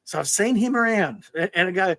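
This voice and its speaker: An Australian man co-hosting a podcast in casual chat, a lively storyteller who laughs often. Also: high voice, a little fast, no room sound. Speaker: podcast co-host.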